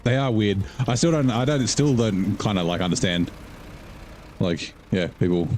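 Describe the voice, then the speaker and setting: A man's voice: on the low side, steady tone, normal speed, a little mellow, a little hiss or hum. A man casually commenting while he live-streams a game, rambling and joking with his viewers. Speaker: gaming streamer.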